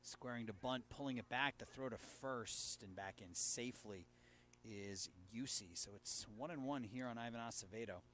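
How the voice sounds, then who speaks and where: Man calling high school baseball outdoors. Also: moderate pace, a little hiss or hum. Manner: steady, rising sharply on big plays. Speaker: play-by-play announcer. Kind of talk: baseball play-by-play commentary.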